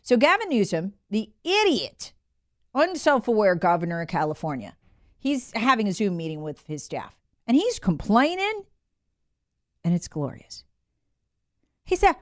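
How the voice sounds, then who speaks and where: A woman's voice: fairly high pitch, sing-song, unhurried, long pauses. A woman hosting a political commentary show, telling the story in a sarcastic, mocking way.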